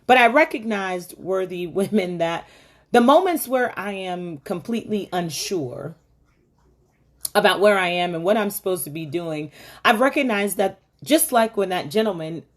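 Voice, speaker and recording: Hosting a women's faith talk, this middle-aged woman speaks at a normal speed in a mid-range voice with lively intonation. Her motivational storytelling is chatty, often drifting into asides and breaking into laughs.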